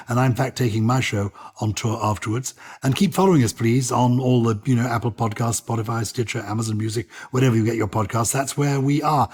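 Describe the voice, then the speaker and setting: A man's voice: medium pitch, darkish tone, slightly rough. An older English man co-hosting a podcast, chatting and reading a poem aloud with theatrical expression. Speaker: podcast co-host. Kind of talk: casual chat and poetry reading.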